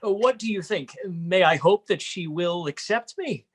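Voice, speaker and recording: A man playing a nervous, formal suitor of thirty-five in a video-call play reading, stammering and clearing his throat. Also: high voice, measured pace. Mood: agitated. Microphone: computer mic on video call.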